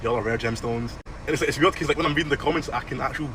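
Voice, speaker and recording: Scottish guy, rapid casual chat, street noise behind, selfie-video energy. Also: medium pitch, distant mic. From Scotland. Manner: rapid, animated, swearing. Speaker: content creator.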